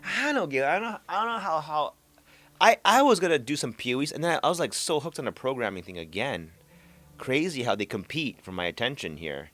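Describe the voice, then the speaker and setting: Animated man in casual gaming chat. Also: on the high side, brisk, faint music behind. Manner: animated, laughs often, trails off and repeats words. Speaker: podcast host.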